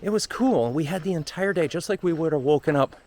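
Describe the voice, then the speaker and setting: A man's voice: on the high side, a little fast, darkish tone. A man vlogging outdoors while on a long walk, talking candidly and emotionally in a rambling way into a handheld phone. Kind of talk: casual travel vlog talk. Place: outdoors on a walking trail.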